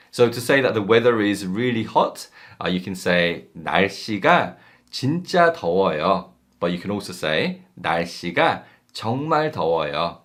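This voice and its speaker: Relaxed man teaching, lively pitch. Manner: relaxed, many ums and uhs, acts out example phrases. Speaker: language teacher. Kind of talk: casual explanatory lesson.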